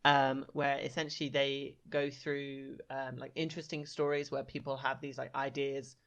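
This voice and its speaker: A man co-hosting a casual podcast, playful and upbeat, teasing his co-host and giving shout-outs. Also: medium pitch, level tone, moderate pace, clear, resonant tone, lo-fi sound. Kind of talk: casual chat.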